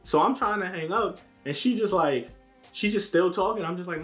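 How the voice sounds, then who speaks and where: A young man with a slightly high voice tells a story time in a relaxed, slang-filled way. He acts out quotes from the people in it as he goes. Faint music plays underneath. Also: normal speed. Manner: laid-back slang-heavy storytelling, acting out quotes. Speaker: vlogger.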